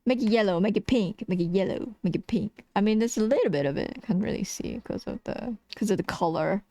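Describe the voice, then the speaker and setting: A woman's voice: mid-range voice, expressive, a little fast, dark tone, no room sound. A tired woman streaming as she draws, chatting casually, laughing a lot, swearing and teasing herself. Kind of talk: casual chat while drawing on stream.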